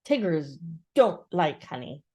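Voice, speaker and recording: A woman's voice: a little high, big pitch swings, moderate pace, a little mellow, voice pushed up. A woman voicing a bouncy, boastful male tiger-like animal in a storybook reading.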